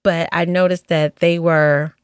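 Lowish-voiced woman telling nurse stories, acts out the quotes, super dry mic. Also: measured pace, smooth, no echo. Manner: animated, acts out quoted dialogue with big pitch jumps. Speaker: former hospice nurse, podcast guest. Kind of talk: storytelling in a casual interview.

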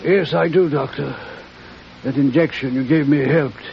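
An actor playing a nervous, evasive suspect in a vintage radio drama, speaking hesitantly and defensively. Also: male voice, fairly high pitch, measured pace, creaky. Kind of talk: 1940s radio acting. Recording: muffled old radio broadcast with faint hiss.

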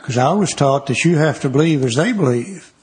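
A man's voice: on the high side, animated, fairly quick, husky. An older man who earnestly explains a recovery book, reading lines from it and circling back to the same refrains. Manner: earnest, repeats refrains, reads text aloud. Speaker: recovery speaker. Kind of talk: teaching talk on a recovery book.

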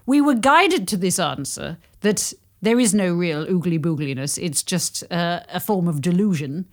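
A woman co-hosting a podcast in casual chat, playful and giggly, telling stories in an animated way. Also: lowish voice, moderate pace. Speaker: podcast co-host.

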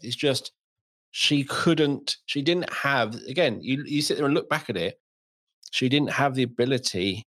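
A middle-aged man hosting a podcast, chatting casually and acting out little scenes as he tells stories. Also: medium pitch. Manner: animated storytelling, acts out voices. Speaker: podcast host. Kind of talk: casual chat.

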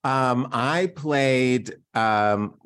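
A man's voice: medium pitch, extremely slow, a bit bright, smooth. A middle-aged man chatting as a guest performer, giggly and self-mocking, laughing often between his stories. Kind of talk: casual chat.

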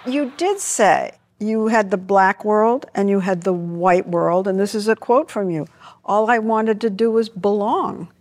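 Woman interviewer, a bit of vocal fry, probing questions, mid pitch. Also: a little slow, darkish tone. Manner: probing, conversational. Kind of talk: news interview.

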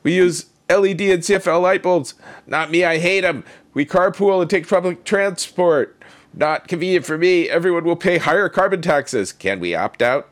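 A grumbling Canadian man with a whiny, excuse-making voice, as a man puts him on. He sits noticeably higher than a plain speaking voice and talks in a thin complaining tone, with the accent laid on thick. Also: normal speed, lightly acted. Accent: Canadian, put on. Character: grumbling Canadian man dodging every climate effort.

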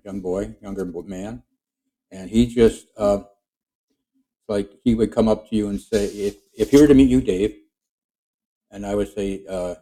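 Rambling man with a dark voice. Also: on the low side, rough recording. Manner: rambling, halting storytelling. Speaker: guest performing his character voices. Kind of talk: casual chat.

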